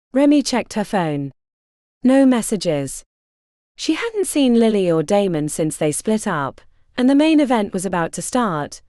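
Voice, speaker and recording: A woman narrating a fantasy audiobook in an expressive, dramatic reading style. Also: mid-range voice, no room sound, studio quality.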